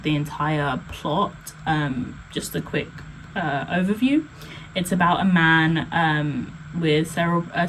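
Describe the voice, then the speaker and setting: A woman's voice: lowish voice, slight background noise, poor audio. A woman blogger and poet talking casually on a vlog, chatty and full of "like" and "um" fillers. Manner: chatty, heavy use of "like" and "um" fillers.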